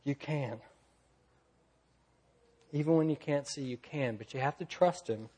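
A man preaching a sermon, swinging from loud, lively storytelling to quiet, low emphasis. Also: unhurried, breathy edge. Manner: earnest preaching, rising loud in stories, dropping soft and low. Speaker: pastor.

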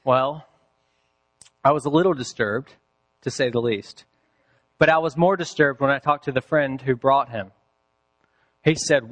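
A man preaching a sermon, telling a story with deliberate pacing and dramatic pauses. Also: mid-range voice, fairly bright tone, muffled recording. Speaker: pastor.

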